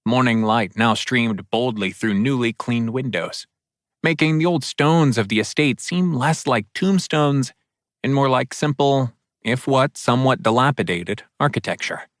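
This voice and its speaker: A man narrating a fantasy audiobook in a steady, descriptive read. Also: medium pitch, unhurried, no room sound, clean studio sound. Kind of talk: scripted narration.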